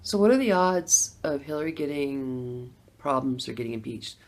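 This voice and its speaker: Creaky-voiced middle-aged woman telling her story. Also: rumbling low, moderate pace, a little mellow. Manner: conversational, laughs often, acts out her reactions. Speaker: former Democrat voter telling her story. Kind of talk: casual personal testimony.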